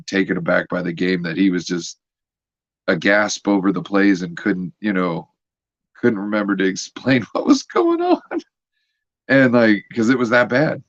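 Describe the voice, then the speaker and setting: A man joining a sports chat as a guest, telling an animated story as a frustrated fan. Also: fairly low pitch, no echo, lo-fi sound. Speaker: guest co-host.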